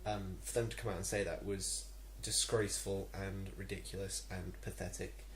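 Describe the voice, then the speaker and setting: A man's voice: low voice, flat delivery, normal speed, a little hiss or hum. A young man with an English accent, ranting to camera in a vlog, irritated and rambling with many ums and restarts. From England. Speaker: vlogger.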